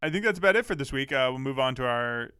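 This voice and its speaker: A man's voice: mid-range voice, lively intonation, quick pace, bright, forceful tone, smooth, no echo. A man co-hosting a podcast in a studio, chatting casually with dry, wry humor. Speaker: podcast co-host. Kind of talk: casual chat.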